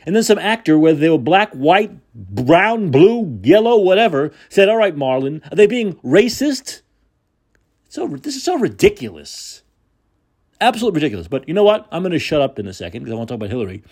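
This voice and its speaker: A man's voice: on the high side, sing-song, a little fast, a little mellow, breathy edge. A man hosting a podcast, delivering a combative, sarcastic opinion monologue. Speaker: podcast host.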